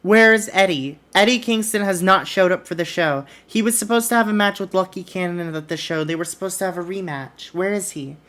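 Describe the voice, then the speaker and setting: A woman's voice: lowish voice, fairly quick, hardly any pauses, fairly bright tone, natural voice. Woman playing a stern wrestling manager man. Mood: firm. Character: stern male wrestling manager, bossy and official.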